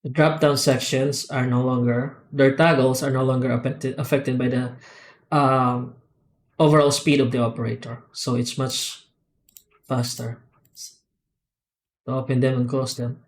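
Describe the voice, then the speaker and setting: Man, mid-pitched, for an unscripted software walkthrough: halting and methodical, with many "uh" and "um" pauses and restarts. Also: level tone. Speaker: software tool developer demonstrating add-ons. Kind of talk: screen-recorded software tutorial.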